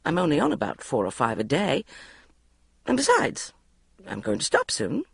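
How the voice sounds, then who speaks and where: A woman reading a first-person diary audiobook in a wry, expressive way. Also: sits low, moderate pace, gravelly, husky, no echo. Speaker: audiobook narrator.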